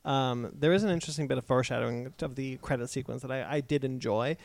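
A man in a casual film discussion, jumping in eagerly with quick details. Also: medium pitch, creaky, no echo.

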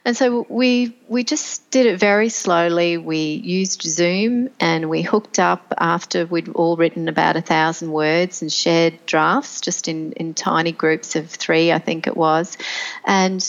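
A woman's voice: fairly low pitch, measured pace, dull audio. A middle-aged woman, a podcast guest telling her story in a reflective way with many fillers and restarts. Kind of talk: conversational interview storytelling.

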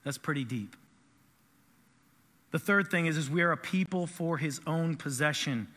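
A man in his thirties preaching a sermon in an animated, conversational way to his congregation. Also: fairly high pitch, normal speed, long reverb tail. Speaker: pastor.

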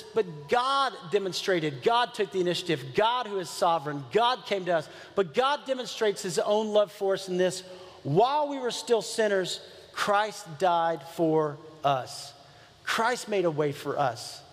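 Male pastor, high voice, earnest and conversational sermon delivery with repeated phrases, recorded in a church hall with long reverb.

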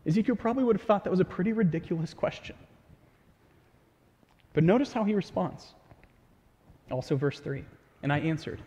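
A man's voice: high voice, expressive, brisk, pauses often, dark tone, dull audio. A man preaching a sermon in a casual, conversational way with light humor. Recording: long hall reverb.

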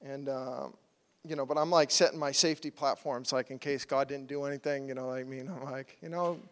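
A man giving a sermon testimony in animated storytelling style, acting out his own quotes, at times loud and at times soft. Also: medium pitch, a little fast, big-room sound. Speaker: preacher sharing a testimony.

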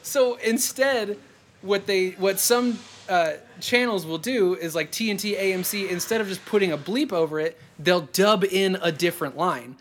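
A man hosting a comedy podcast game show, chatting in a playful, rambling way with quick laughs. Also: high voice, fairly bright tone, slight background noise. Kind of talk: casual comedy podcast chat.

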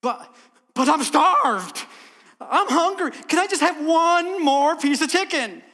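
Preacher doing a high whiny hungry governor guy pleading, echoey church. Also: animated, slow pace, bright, forceful tone, heavily acted. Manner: whiny, begging.

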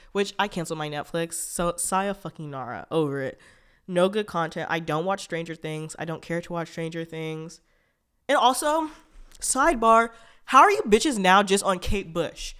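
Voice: mid-range voice, fairly bright tone, clear, resonant tone. Blunt, profane solo podcast host. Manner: blunt, profane, fast tangents. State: stuffy nose from allergies. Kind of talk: casual solo podcast rant.

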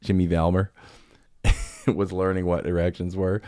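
A man's voice: sits low, measured pace, dry recording, studio quality. A young man hosting a podcast, chatting casually and telling jokes with lots of laughter. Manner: joking, animated storyteller who laughs often. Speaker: podcast host.

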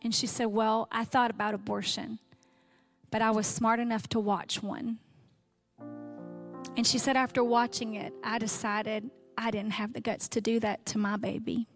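Emotional woman sharing testimony. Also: fairly high pitch. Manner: heartfelt storytelling, voice catching with emotion. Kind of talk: sermon testimony.

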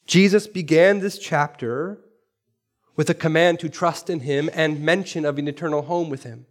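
A man preaching a sermon in a church, animated, asking rhetorical questions and repeating phrases for emphasis. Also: a little high, normal speed. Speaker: pastor.

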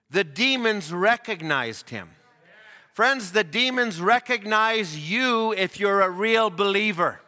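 A man preaching a sermon, impassioned and building to shouts at the climaxes. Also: sits high, expressive, measured pace, long reverb tail.

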